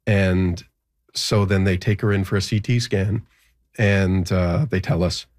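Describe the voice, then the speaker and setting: Young man, low voice, halting storyteller, nervous laughs. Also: steady tone, a little mellow. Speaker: guest telling a personal story. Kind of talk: interview storytelling.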